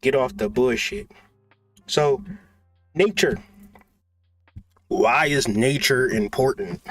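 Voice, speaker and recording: A man's voice: mid-range voice, expressive, very slow, long pauses, a bit bright, no echo, faint music behind. A man in a casual, profane monologue, joking and laughing as he talks. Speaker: channel host.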